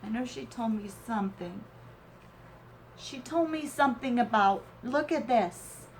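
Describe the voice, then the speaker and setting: A woman's voice: on the high side, lively intonation, a little hiss or hum. A woman hosting a crafting channel, opening a swap gift and gushing over it with teary gratitude and awe. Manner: gushing, slow and tearful with awe.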